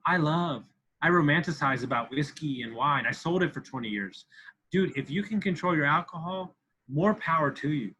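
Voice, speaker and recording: A man's voice: on the high side, lively intonation, normal speed, sharp tone, highs cut off, slight background noise. A man in his thirties talking as a podcast guest, intense and profane, repeating himself for emphasis. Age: 30s. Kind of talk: candid interview talk.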